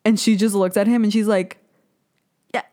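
A woman's voice: mid-range voice, a little fast. Blunt, swearing young woman podcaster. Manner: blunt, profane and animated. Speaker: podcast host. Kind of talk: casual solo podcast rant.

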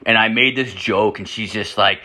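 Rambling, profane man with a bright voice. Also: fairly low pitch, moderate pace. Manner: rambling, profane, full of "like" fillers; animated, jumps into acted-out quotes. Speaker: podcast host. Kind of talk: crude casual storytelling.

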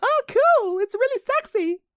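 A man putting on a falsetto impression of his mother, an excitable woman gushing with delight. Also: normal speed, no room sound, clean studio sound.

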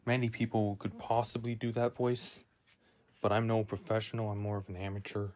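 Low, slow man musing alone on his podcast, self-deprecating, dry close sound. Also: flat delivery, a little mellow, no room sound. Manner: rambling, self-deprecating, muses aloud. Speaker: podcast host. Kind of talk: solo podcast monologue.

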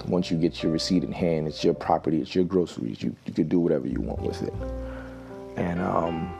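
Guy in his 30s with a really low voice, thoughtful, kinda stop-start, soft music behind him. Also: vocal fry. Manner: reflective, halting with restarts. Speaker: host. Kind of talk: personal storytelling.

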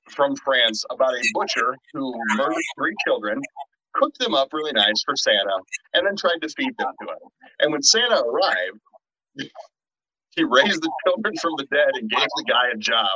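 A middle-aged man co-hosting a horror podcast in casual chat, animated, tripping over restarts and swearing freely. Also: medium pitch, normal speed, no room sound. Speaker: podcast co-host. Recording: dull, lo-fi and dry.

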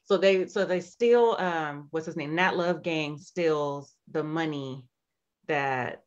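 A woman's voice: deep voice, takes it slowly. Woman chatting over muffled audio. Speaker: podcast co-host. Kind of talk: casual movie review chat.

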